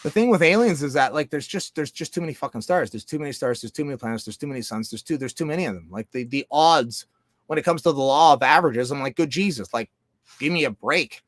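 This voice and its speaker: A man talking in a loose, profane, rambling monologue, jumping between loud outbursts and low mutters. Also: quick pace, dry recording, clean studio sound. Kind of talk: casual monologue.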